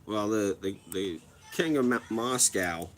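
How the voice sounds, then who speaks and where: A man's voice: fairly low pitch, a little slow, soft background music. A man in his thirties hosting a casual livestream, telling a story in a rambling way with many restarts and frequent swearing. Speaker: livestream host.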